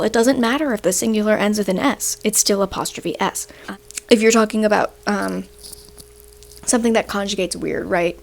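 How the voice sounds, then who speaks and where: A young university student with a fairly high voice gives a casual, ranting explainer on grammar and statistics, chatty throughout. She keeps tagging "right?" onto her sentences while fighting off the hiccups.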